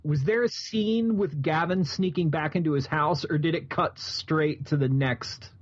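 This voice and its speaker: A man's voice: fairly high pitch, measured pace. A man in his thirties co-hosting a movie podcast, telling stories in a joking way and often laughing. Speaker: podcast co-host. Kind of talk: casual chat about movies. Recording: muffled lo-fi podcast audio.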